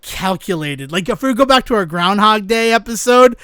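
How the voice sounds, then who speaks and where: A man with a notably high, clean and resonant voice, recorded close and dry with no room sound. He co-hosts a podcast in loose, casual chat, rambling with enthusiasm and breaking into laughter often. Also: lively intonation, normal speed, sharp tone, clear, resonant tone, no room sound. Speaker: podcast co-host.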